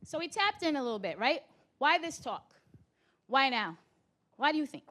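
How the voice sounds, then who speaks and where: A woman giving an interactive keynote at a conference, energetic and laughing often as she walks among the audience. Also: high voice, moderate pace. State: slightly out of breath. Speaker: keynote speaker. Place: conference hall.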